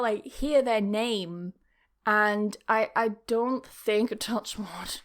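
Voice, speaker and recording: A young woman hosting a podcast, telling personal stories in a rambling, casual, confessional way, laughing often. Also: medium pitch. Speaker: podcast host. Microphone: camera recording.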